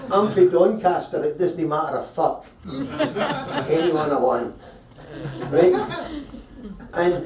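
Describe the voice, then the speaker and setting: Irreverent man telling comic history on stage. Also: fairly high pitch. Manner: chatty, irreverent, swears, checks in with "right?". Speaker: stand-up comedian. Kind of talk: stand-up comic storytelling. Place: live show venue. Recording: roomy, distant mic at a live show.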